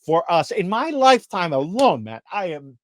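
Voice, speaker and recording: A man in his thirties co-hosts a podcast and launches into a heated, exasperated rant, hammering his points and repeating them. His voice is high and sing-song, moving at a moderate pace in a dry recording.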